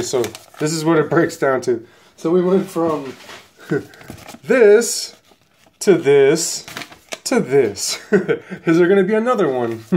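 Excitable sniffly man unboxing cards. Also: a little high, slight background noise. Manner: excitable, rambling, chatty, talks straight to viewers. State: sniffly, coming down with a cold. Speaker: channel host opening trading cards. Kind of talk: casual unboxing vlog.

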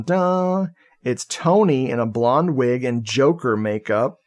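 A man's voice: mid-range voice, darkish tone. A man co-hosting a podcast, recapping a movie plot in casual chat, jokey and profane, laughing often. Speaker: podcast co-host.

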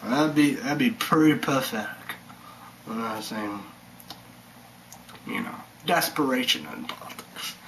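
A man's voice: medium pitch, measured pace, long pauses, fairly bright tone, a little hiss or hum, poor audio. A man rambling through a casual vlog monologue, meandering and muttering, sometimes dropping to a whisper. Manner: meandering, mutters and drops to whispers, bursts into sung chants. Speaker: vlogger.

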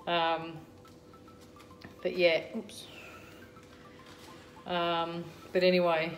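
Chatty Australian woman, lowish voice. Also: completely flat delivery, drawn-out words, faint music behind. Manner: chatty and rambling, many ums. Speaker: vlogger. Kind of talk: casual chat to camera.

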